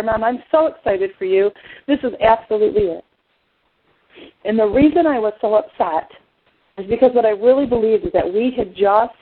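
A middle-aged woman telling a personal story, animated and acting out the voices she quotes. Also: mid-range voice. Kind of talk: personal testimony talk. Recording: phone-like narrow sound.

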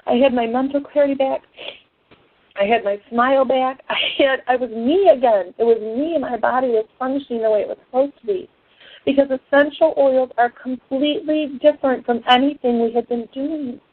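Husky woman telling an impassioned testimony. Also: sits high, a little fast, no echo. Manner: impassioned storyteller, swings between hushed and excited. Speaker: essential oils class speaker. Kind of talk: emotional personal testimony talk. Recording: tinny phone-like dry sound.

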